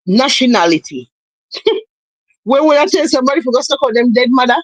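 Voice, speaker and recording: Woman, high voice, dry close recording, emphatic opinionated chat. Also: animated, moderate pace, no echo, low-quality recording. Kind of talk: casual chat.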